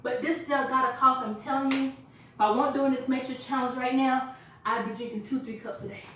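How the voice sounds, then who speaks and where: A woman giving an energetic, chatty sales pitch to a small live group, laughing and quizzing her listeners. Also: brisk, slight background noise. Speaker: product presenter. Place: echoey room with a small live audience. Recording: echoey room from far off.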